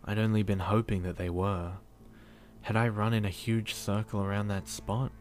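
A man narrating a first-person horror story in an earnest, measured way. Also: on the low side, flat delivery, soft background music.

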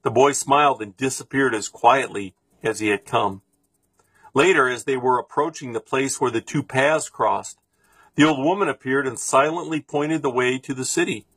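Man reading a storybook aloud: husky, steady, expressive, dry close recording. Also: medium pitch, moderate pace, dry recording. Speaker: reader.

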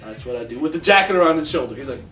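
Animated man recapping, echoey far-off room. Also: fairly high pitch, rapid-fire, soft background music. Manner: animated storyteller, acts out quotes. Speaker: podcast co-host. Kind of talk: casual recap chat.

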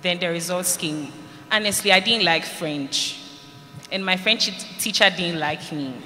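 A woman's voice: lowish voice, measured pace, sharp tone. A woman from Ghana, giving an earnest personal testimony to students and acting out what people said. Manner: earnest storytelling, acts out quoted lines. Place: large hall at a school event. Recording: reverberant hall, faint noise.

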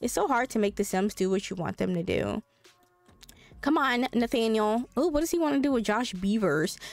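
Animated, profane gaming streamer woman. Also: on the high side, normal speed, creaky, dry recording, soft background music. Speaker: streamer playing a life-sim game. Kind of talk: casual gaming commentary.

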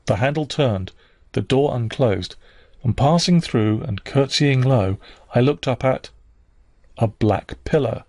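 A man narrating a classic novel as an audiobook reader, measured and even. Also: mid-range voice, dry recording.

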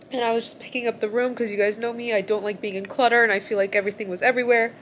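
Young woman, vlogger, crying and sore after surgery; rambling, high, gravelly voice; phone close up in a hospital room. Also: a little hiss or hum. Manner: tearful, rambling, says "like" often. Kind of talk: emotional personal vlog.

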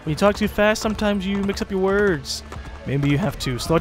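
A man's voice: high voice, fairly quick, soft background music. A man giving casual commentary as he plays a video game, rambling, joking and swearing often. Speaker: let's play host.

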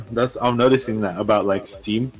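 A man's voice: medium pitch, fairly even intonation, measured pace, soft background music. A man playing an online party game with a friend, talking in casual slang, swearing and calling him bro. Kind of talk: casual gaming chat.

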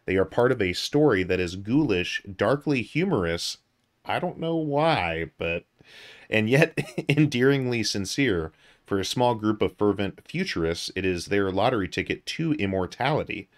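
A man from the US hosting a casual podcast, with a fairly low voice. He reads an article aloud and breaks off for joking asides and filler words. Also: animated, moderate pace. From United States. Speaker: podcast host.

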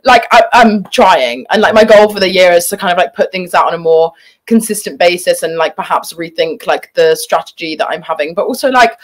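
A woman's voice: fairly low pitch, fairly quick. A British woman in her twenties, a former child actress chatting as an interview guest and filling her speech with "like". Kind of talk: casual interview chat.

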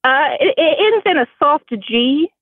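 A woman's voice: sits high, lively intonation, measured pace, dry recording, phone-quality sound. A woman calling in to an advice podcast, chatting casually and laughing easily. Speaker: caller. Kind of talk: casual chat.

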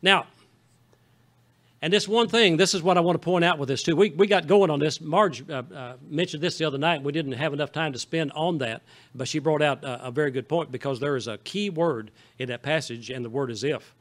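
A man's voice: fairly high pitch, a little fast, fairly bright tone. A male pastor from Southeast Missouri with a Southern Missouri accent, preaching a folksy, conversational sermon and often checking in with the congregation. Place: church sanctuary.

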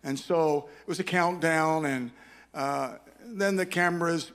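A man's voice: a little high, unhurried, fairly bright tone. An older man speaking at a conference, telling a personal story as a sermon, rambling and self-deprecating with many restarts.

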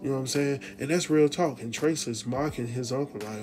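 A man casually recapping a TV drama episode, animated and slangy, speaking straight to his viewers. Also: mid-range voice, fairly quick, over music. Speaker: TV recap host.

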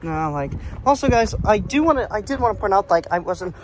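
A woman's voice: medium pitch, animated, a little fast, a little hiss or hum. Gushing young woman vlogger. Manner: rambling and enthusiastic, many fillers; drops to a hush at times. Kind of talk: excited vlog commentary. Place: indoor train museum.

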